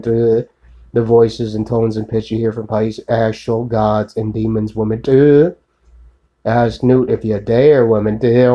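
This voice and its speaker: A man's voice: medium pitch, mellow, poor audio. A man in a rambling solo monologue, ranting profanely and accusingly, repeating filler tags and addressing an unseen woman.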